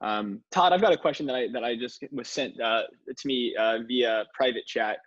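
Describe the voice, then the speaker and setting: A man co-hosting a livestream Q&A, speaking in a halting, hesitant way. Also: medium pitch, fairly bright tone, no echo, dull audio. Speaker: co-host. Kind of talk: livestream Q&A chat.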